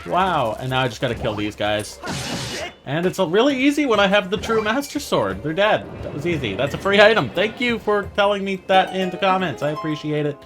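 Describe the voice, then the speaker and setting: A man's voice: high voice, big pitch swings, brisk, music in the background. A man commenting casually on his own video game playthrough, thinking aloud and laughing at his own mistakes. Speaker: gaming channel host. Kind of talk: let's play commentary.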